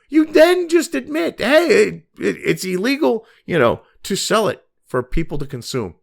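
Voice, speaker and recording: Animated, gravelly-voiced man ranting. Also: sits high, normal speed, hardly any pauses. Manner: angry, sarcastic, swearing constantly. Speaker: commentary host. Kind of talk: profane rant reacting to news.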